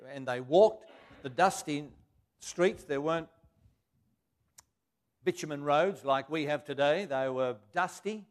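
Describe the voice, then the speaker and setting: A man preaching a sermon, reading scripture aloud and then explaining it in plain everyday words. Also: a little high.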